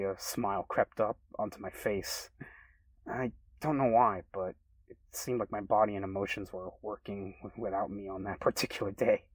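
A man reading a first-person story aloud in a relaxed, conversational way. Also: on the low side, no room sound, low-quality recording. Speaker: story reader.

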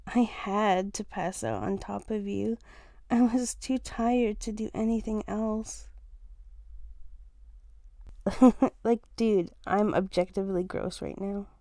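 A woman's voice: medium pitch, slow, long pauses, mellow, dry recording. A young woman in a casual romantic role-play, teasing and playful, laughing often and swearing easily as she talks to her partner. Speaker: fiancée in a listener role-play.

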